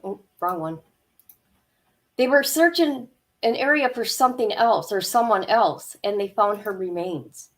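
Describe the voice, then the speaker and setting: Shaken woman reading news with halting fillers. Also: medium pitch, lively intonation. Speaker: channel host. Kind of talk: casual commentary, reading news aloud.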